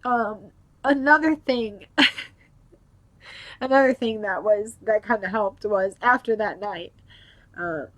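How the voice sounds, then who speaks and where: A woman's voice: medium pitch, slow, pauses often, fairly bright tone. A young mother sharing her faith testimony at home in a casual, rambling way, full of filler words. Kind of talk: personal testimony vlog.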